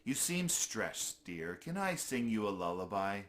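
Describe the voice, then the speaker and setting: A man voicing a sweet, very old grandmotherly female squirrel who speaks gently and kindly, calling everyone dear. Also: on the low side, sing-song, a little slow.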